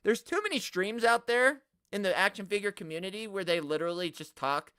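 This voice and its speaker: A man hosting a live stream, ranting at the chat in an animated, exaggerated way and swearing often. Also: sits high, a little fast, few pauses, smooth, no echo, clean studio sound. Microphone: studio mic, no camera.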